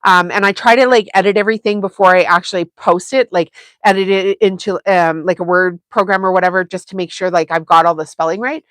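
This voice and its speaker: A woman's voice: lowish voice, fairly even intonation, fairly quick, hardly any pauses, fairly bright tone, no echo. A woman hosting a sewing livestream, chatting casually with viewers and laughing often. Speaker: sewing channel host.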